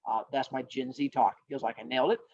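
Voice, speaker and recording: A man's voice: medium pitch, steady tone, fast talker, darkish tone. A man teaching a class, explaining and telling a story in a playful, jokey way. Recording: dull lo-fi recording.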